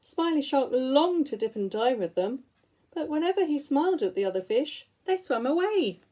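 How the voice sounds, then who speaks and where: Woman teacher, reading picture books to young children, expressive, sing-song, slightly high voice. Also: normal speed. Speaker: school teacher.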